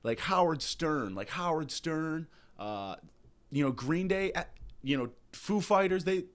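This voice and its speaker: A young man tears through a satirical comedy rant, his pitch leaping all over as he swears and feigns outrage. He sounds hungover, sometimes dropping low and grumbling before shouting again. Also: lively intonation, unhurried. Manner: loud, profane, mock-outraged ranting with exaggerated impressions. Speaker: comedy podcast host.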